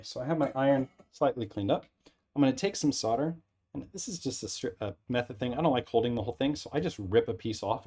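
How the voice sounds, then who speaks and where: An instructor with a husky, medium-pitched voice casually demonstrates at a workbench while an air filter runs. He's relaxed, thinking aloud and frequently checking in with "right?"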